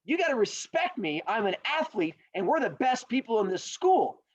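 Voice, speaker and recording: A man's voice: very high-pitched, sing-song, moderate pace, no room sound, lo-fi sound, voice pushed up, heavily acted. A man voicing a cocky male rabbit who is a school track athlete, talking in brash slang.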